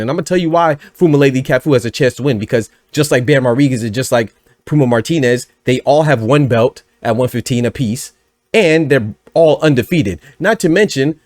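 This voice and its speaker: Male boxing-news host, chatty and energetic, mid-range voice, dry booth sound. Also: mid-range voice, no echo. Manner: energetic, chatty, full of asides and sudden laughter. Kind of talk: casual commentary.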